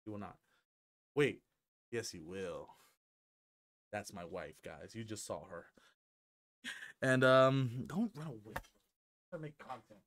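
A young man chatting to camera at home in a rambling, joking way, swearing freely and filling gaps with ums. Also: mid-range voice. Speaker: gaming YouTuber. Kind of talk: casual rambling vlog to camera. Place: at home with his dog. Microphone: headset.

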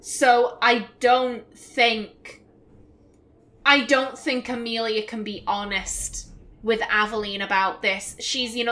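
A woman hosting a let's play, commenting on the game in an emotional, expressive way. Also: a little high, slow. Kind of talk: gameplay commentary.

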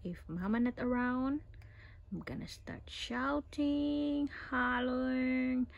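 A woman's voice: high voice, slow, creaky, highs cut off. A mother cooing and baby-talking to her infant, playful and often whispering.

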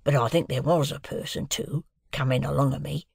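A man reading an audiobook voices a rough old male convict who speaks in a low, guarded, rustic way. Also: steady tone, fairly quick, no room sound, studio quality. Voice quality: hushed, coarse, old-fashioned rustic speech.

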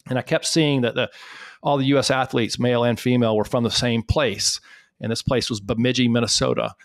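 A man from South Carolina with a Southern US accent, a podcast guest telling animated, self-deprecating anecdotes. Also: medium pitch, fairly quick, creaky, no echo, studio quality. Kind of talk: storytelling in a podcast interview.

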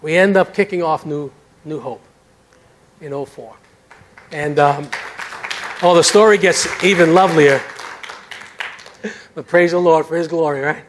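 Preaching in a church sanctuary amid crowd noise and background noise, a high-voiced middle-aged pastor delivers a sermon with personal testimony at a measured pace, with long pauses. Lively and animated, he pokes fun at himself as he tells his story, his tone moving from intimate to exclaiming.

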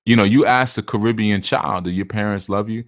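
Male spiritual teacher, casual and chatty, low voice, dry close recording. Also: brisk, dry recording. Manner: conversational, laughs often, puts on voices for quotes. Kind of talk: casual talk to listeners.

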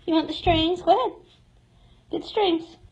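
High-voiced woman cooing at shelter cats. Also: moderate pace, a little mellow, dull audio. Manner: coos and baby-talks to cats. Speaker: cat shelter tour guide. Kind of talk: live-streamed shelter tour. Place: indoor cat shelter.

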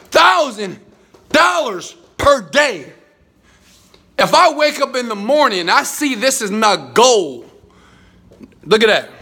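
A man giving a hyped motivational talk to his phone camera in a high-rise apartment, chanting and repeating phrases. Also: sharp tone. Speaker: motivational speaker.

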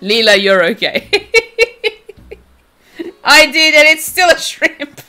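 Giggly, animated American woman streamer. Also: sits high, slow. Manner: playful and teasing, laughs constantly. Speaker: game streamer. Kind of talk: casual live-stream chat.

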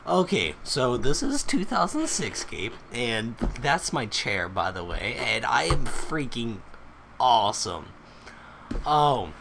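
A man recording himself at home while he plays a computer game, excitable, exclaiming often and swearing freely. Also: mid-range voice, unhurried, gravelly, slight background noise. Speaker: gamer recording his play. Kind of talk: casual gameplay vlog.

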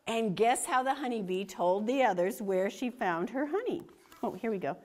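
A woman reads a picture book aloud to young children, stopping often to ask them questions. Her voice sits fairly high and swoops up and down with lively energy. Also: moderate pace, slight background noise. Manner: animated, questions for the kids. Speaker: children's storytime reader.

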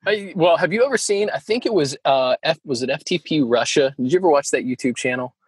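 Lively husky-voiced man on a podcast. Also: on the high side, fast talker, no room sound, low-quality recording. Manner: animated, laughs often. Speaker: podcast co-host. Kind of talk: casual chat.

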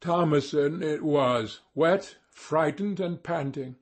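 A man narrating a classic novel as an audiobook, in a measured, even storytelling manner. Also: fairly high pitch.

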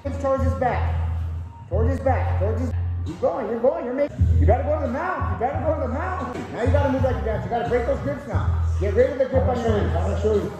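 A man coaching a jiu-jitsu lesson, giving loud, commanding instructions. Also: extremely high pitch, fast talker, music in the background. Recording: echoey gym from far off.

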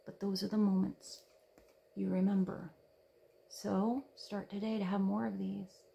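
A woman giving a casual tarot reading, speaking softly and dreamily, sometimes sinking to a whisper. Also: medium pitch, level tone, a little slow, gravelly, a little hiss or hum. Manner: soft, dreamy, drops to a whisper when reading card texts. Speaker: tarot reader.

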